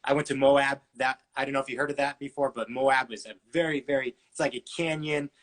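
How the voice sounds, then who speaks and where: A man's voice: mid-range voice, fairly even intonation, fairly quick. A man in his twenties, a podcast guest, telling his story casually with lots of fillers and acted-out dialogue. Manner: chatty, many fillers, acts out dialogue.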